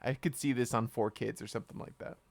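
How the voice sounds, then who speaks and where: A man co-hosting a casual podcast, joking in a deadpan way and often breaking into laughter. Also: medium pitch, fast talker, vocal fry, no echo. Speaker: podcast co-host.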